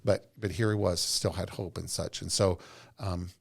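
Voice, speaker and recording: A man's voice: sits low, fairly even intonation, normal speed, vocal fry, breathy edge. A middle-aged man, a podcast guest, telling earnest, rambling stories from his working life. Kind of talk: casual storytelling interview.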